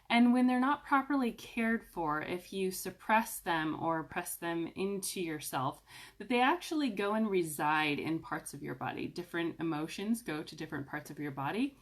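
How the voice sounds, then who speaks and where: A woman talking casually to camera in a vlog, chatty and upbeat, with filler ums and lively swings in pitch. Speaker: essential oils vlogger.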